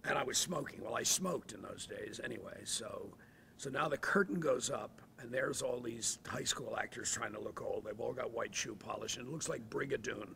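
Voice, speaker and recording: A man in his sixties, an actor telling stories in an interview, animated and dropping to hushed asides. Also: mid-range voice, moderate pace, vocal fry, slight background noise. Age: 60s. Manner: animated, drops to hushed asides, acts out voices. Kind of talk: anecdotal storytelling. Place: theatre.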